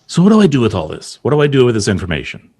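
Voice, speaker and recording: Brief: male podcast host, mid-pitched voice, thoughtful delivery, frequent stammered restarts. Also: huge pitch swings, racing, a little mellow, a little hiss or hum. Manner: reflective, stammers and repeats words. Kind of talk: podcast conversation.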